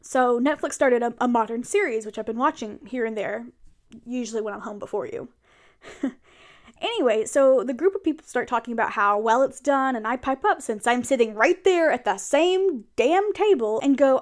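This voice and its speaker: An audio role-play performer, a young woman with a fairly high voice, speaks at moderate pace directly to her partner in a casual monologue. She's chatty and animated while venting about her day.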